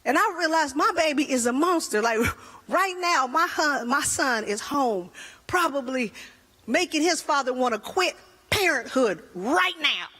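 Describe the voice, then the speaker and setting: High-voiced woman doing stand-up. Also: measured pace. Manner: animated storytelling with voices. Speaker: stand-up comedian. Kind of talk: stand-up comedy routine.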